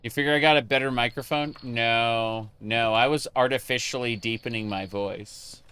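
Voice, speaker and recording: A man's voice: mid-range voice, steady tone, normal speed, pushed and bright, clear, resonant tone. A man chatting casually with his live-stream chat while playing a game, rambling with many fillers and restarts.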